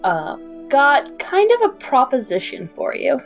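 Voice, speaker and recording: A woman's voice: high voice, wildly swooping pitch, a little slow, faint music behind. A woman playing a tabletop game, chatting playfully. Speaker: player. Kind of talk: tabletop role-play chat.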